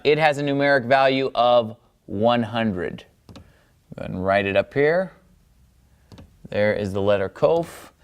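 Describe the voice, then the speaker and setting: Smooth-voiced man teaching patiently. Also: fairly low pitch. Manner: patient, checks in with "okay?" and "all right?". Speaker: Biblical Hebrew teacher. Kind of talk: step-by-step lesson at a board.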